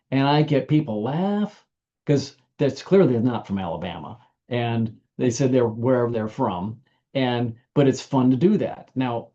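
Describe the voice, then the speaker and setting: A man's voice: medium pitch, mellow, lo-fi sound. An older American man giving an informal training talk, folksy and anecdotal, often restarting his sentences. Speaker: business trainer.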